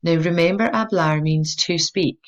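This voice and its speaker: A woman teaching a language lesson, explaining clearly and patiently and encouraging the listener to repeat after her. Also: on the low side, normal speed, lo-fi sound. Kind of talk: instructional explanation.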